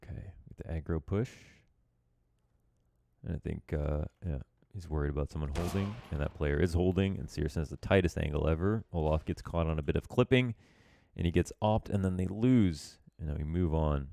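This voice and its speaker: A bass-voiced esports coach goes over a recorded match at a normal speed, his tone warm and creaky, the recording dry. The commentary is casual and loose, packed with filler words. Now and then he pokes fun at himself.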